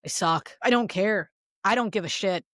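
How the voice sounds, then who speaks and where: Blunt animated woman podcast host. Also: medium pitch, moderate pace, no room sound, clean studio sound. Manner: blunt, animated, playacts quoted voices. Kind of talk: casual chat.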